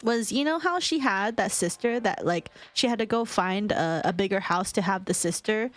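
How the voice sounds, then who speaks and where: A woman's voice: mid-range voice, animated, moderate pace, no echo. A young woman casually retelling gossip in a storytime vlog, chatty and profane, laughing often and full of fillers. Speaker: vlogger.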